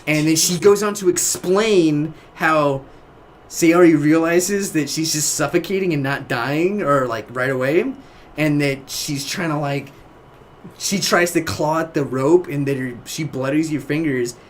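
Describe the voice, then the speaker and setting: Animated man retelling a game. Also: a little high, unhurried, slight background noise. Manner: animated storytelling, drops into quoted voices, trails off. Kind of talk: casual gaming podcast chat.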